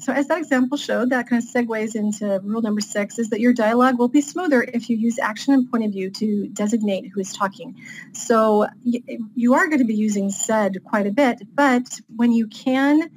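A woman's voice: a little high, moderate pace, darkish tone, a little hiss or hum, rough recording. A woman author talking through writing tips in a casual interview, chatty and loose, with many fillers. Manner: chatty, with frequent fillers and light laughs. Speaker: author guest.

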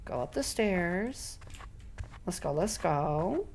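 A young woman streaming a video game, swearing constantly and swinging between loud shrieks and quiet mumbling as she plays. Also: on the low side, sing-song, slow, gravelly, slight background noise. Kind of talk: casual game commentary.

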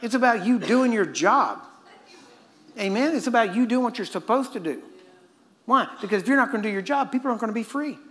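A man's voice: extremely high pitch, animated, brisk, fairly bright tone. Conversational male preacher, calls for amens. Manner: conversational, asks the crowd "Amen?" often; acts out quoted voices and chuckles mid-point. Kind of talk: sermon.

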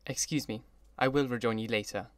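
A man's voice: mid-range voice, fairly even intonation, fairly quick, dry recording, close to an everyday voice. A man reading an audiobook, voicing an elegant young host who picks his words with care and stays formal and courteous. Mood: gracious. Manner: courteous, carefully chosen words.

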